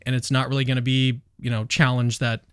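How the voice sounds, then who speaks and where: A man hosts a casual livestream, talking quickly and loosely with fillers as he moves between topics. His voice is at an ordinary middle pitch. The recording is dry with no room sound. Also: little pitch movement, fairly bright tone, clean tone, no echo. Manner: quick, chatty, hedging with fillers. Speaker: livestream host.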